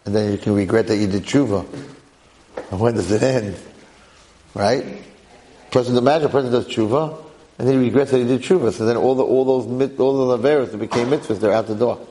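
Male rabbi, mid-range voice, lively class storyteller, faint background hiss. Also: mid-range voice, a little fast, pauses often, low-quality recording. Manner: animated storyteller, full of rhetorical questions. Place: classroom with a live audience.

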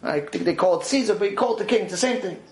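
A man teaching a religious class, telling a story with lively delivery and acting out its dialogue. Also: high-pitched, very fast. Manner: animated, acts out dialogue in quoted voices. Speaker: Torah teacher. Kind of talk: storytelling lecture. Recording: roomy echo.

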